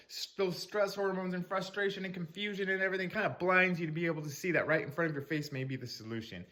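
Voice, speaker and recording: A man's voice: high-pitched, fast talker, few pauses, bright, forceful tone. A man coaching a tapping technique in loose, rambling talk, swearing casually and acting out angry self-talk in a raised voice. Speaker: spiritual mindset coach.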